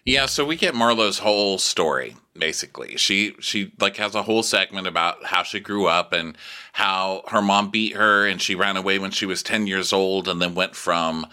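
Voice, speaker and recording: A man's voice: normal speed, smooth. A man co-hosting a podcast, chatting casually and comically about a reality show. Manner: animated, does high mocking voices when quoting. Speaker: podcast co-host. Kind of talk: casual comedic recap chat.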